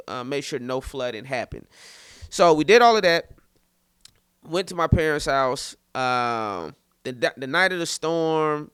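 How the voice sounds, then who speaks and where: Animated casual male storyteller. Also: on the high side, clean tone, no room sound, clean studio sound. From St. Petersburg, Florida. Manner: animated, loose, repeats words and acts out quotes. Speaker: podcast host and comedian.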